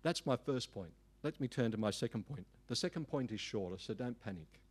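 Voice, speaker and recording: A middle-aged man, preaching a sermon in an emphatic, animated way with folksy asides. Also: medium pitch, fairly quick, breathy edge. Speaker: pastor.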